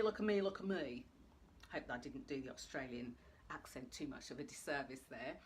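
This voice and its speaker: A woman with a notably low voice hosts a live video talk. She is chatty and speaks straight to her viewers, with faint noise in the background. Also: a bit bright. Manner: chatty, addresses viewers directly. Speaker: host.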